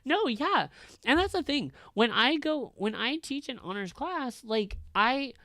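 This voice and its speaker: A man who works as a high school teacher, ranting in casual chat, blunt and profane, with lots of fillers. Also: sing-song, measured pace, pushed and bright, no room sound, studio quality.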